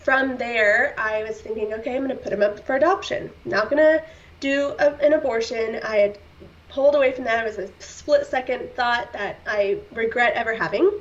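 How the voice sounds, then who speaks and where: A woman with a fairly high voice speaks as a podcast guest, recounting her own story in a candid, heartfelt way. She leans on fillers and slips in brief laughs. Her voice sits a little back from the mic, and the sound is somewhat dull. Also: normal speed. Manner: heartfelt, earnest, with short laughs and many fillers. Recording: slightly distant, dull-sounding.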